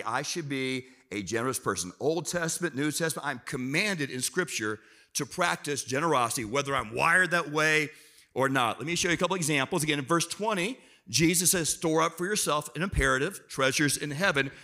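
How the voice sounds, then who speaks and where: Guest preacher, a man with a somewhat high, bright voice, joking with the congregation and calling for answers. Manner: lively, self-deprecating, talks to the crowd and prompts responses. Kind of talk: sermon to a church congregation. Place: church auditorium.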